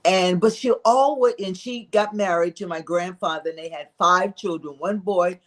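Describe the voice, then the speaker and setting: A woman guest on a talk stream, telling family history in a reflective, unhurried way with frequent pauses. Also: fairly low pitch. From Philadelphia, living in South Carolina. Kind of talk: casual interview storytelling.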